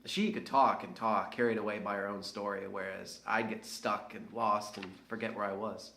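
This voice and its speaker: A man's voice: fairly low pitch, fairly even intonation, normal speed, gravelly, pushed and bright, slight background noise. An actor playing a reflective, hesitant young American man in an audio drama monologue. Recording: roomy echo.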